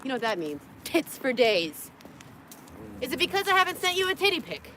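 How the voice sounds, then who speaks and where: A woman's voice: high voice, very animated, racing, sharp tone, a little hiss or hum. A tired young woman rambling through a livestream from her parked car, joking crudely, laughing often and cooing at her dogs. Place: parked car in a parking lot.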